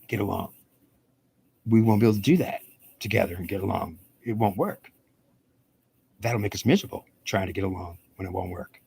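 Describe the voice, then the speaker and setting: A man's voice: fairly low pitch, a little mellow, slightly rough. A man from the United States rambling through a self-recorded monologue, arguing both sides of an imagined dialogue in repetitive, circling phrases.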